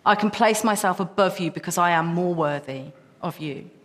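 A woman's voice: fairly low pitch, moderate pace. A woman preaching a sermon, passionate and emphatic, her voice rising into repeated questions. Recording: long reverb of a hall.

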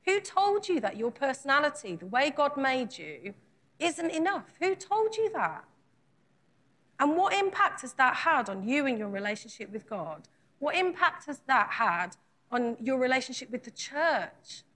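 Woman, preacher, sermon, earnest, questioning, conversational, higher-pitched. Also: big pitch swings, measured pace, fairly bright tone. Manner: earnest, asks the congregation repeated direct questions; acts out scripture dialogue in conversational retelling.

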